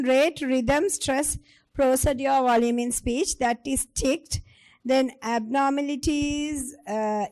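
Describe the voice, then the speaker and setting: A woman's voice: sits high, a little mellow. A woman giving a clinical teaching lecture, explaining step by step and putting questions to her audience.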